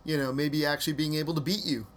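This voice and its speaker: A man's voice: fairly high pitch, fairly even intonation, quick pace. A man co-hosting a podcast, chatting casually and teasing his partner in a playful way. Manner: playful, joking. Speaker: podcast co-host. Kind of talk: casual chat.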